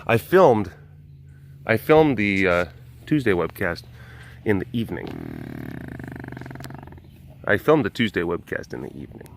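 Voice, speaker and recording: A man vlogging at a wild animal facility, cooing in high baby talk at the animals and joking between stories about them. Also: very animated, a little slow, long pauses, slight background noise. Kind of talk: casual vlog talking to animals.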